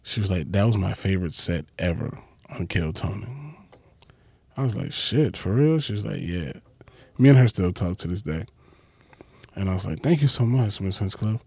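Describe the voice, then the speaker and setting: A man, a comedian guest, telling stories in casual chat, profane and animated, acting out quotes with big leaps in his voice. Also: moderate pace, creaky, long pauses, husky, no echo. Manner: profane, acts out quotes with big jumps in pitch.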